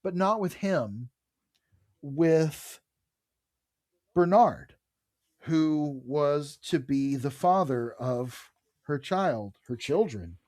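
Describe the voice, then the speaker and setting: A man co-hosts a casual comic book podcast, talking with eager enthusiasm and the odd swear. His voice sits a touch high. The sound is dry and close, with no room echo. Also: expressive, drawn-out words, long pauses, darkish tone. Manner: enthusiastic, swears casually, reads dialogue aloud. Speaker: podcast co-host.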